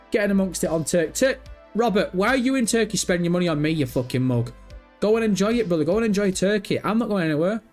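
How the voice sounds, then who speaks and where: A young man hosting a gaming livestream, chatting casually, swearing and teasing viewers in chat. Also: fairly high pitch. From Britain. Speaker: livestream host. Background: faint background music.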